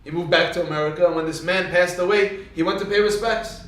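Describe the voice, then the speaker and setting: Male Torah teacher with a high voice, lively storyteller, far from the mic in a very reverberant room. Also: fast talker. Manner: animated, swings into sudden emphatic rises.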